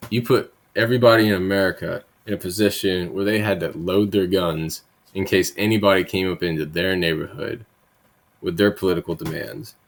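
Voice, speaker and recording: A man's voice: low-pitched, steady tone, a little fast, vocal fry. A man hosting political commentary, reading bill text aloud and then riffing on it in a blunt, profane, sarcastic way, often tagging his points with "right?". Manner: frequent tag questions, conversational asides.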